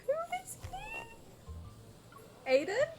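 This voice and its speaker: A young woman streaming a game reaction, reading the story aloud and gushing excitedly, swearing freely. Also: slow pace, faint music behind.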